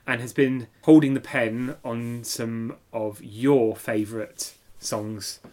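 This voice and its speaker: A man's voice: mid-range voice, steady tone, takes it slowly, a little mellow. A man co-hosting a podcast, chatting casually and enthusiastically about an album with frequent ums and restarts. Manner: chatty, enthusiastic, hesitant with fillers. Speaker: podcast co-host. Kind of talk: casual music review chat.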